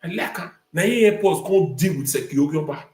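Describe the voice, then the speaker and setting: A man's voice: a little high, lively intonation, a little fast, darkish tone, reverberant. A man with a Nigerian accent hosting a talk show, ranting emphatically in a live-stream commentary and repeating phrases for effect.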